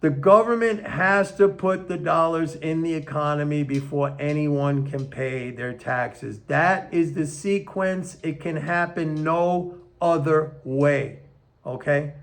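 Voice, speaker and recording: Older male commentator, fairly high voice, emphatic, slows to stress points, solo talk to a tripod camera. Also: gravelly. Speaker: economics commentator. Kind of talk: casual opinion monologue.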